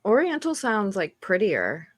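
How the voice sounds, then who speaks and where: A woman's voice: medium pitch, huge pitch swings, a little slow, slightly rough, no room sound, studio quality. A woman guest chatting casually and easygoing on a podcast. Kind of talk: casual chat.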